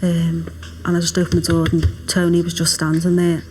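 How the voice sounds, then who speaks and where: Grieving mother, flat and subdued, halting testimony. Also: fairly low pitch. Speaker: mother of victim. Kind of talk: documentary interview recollection.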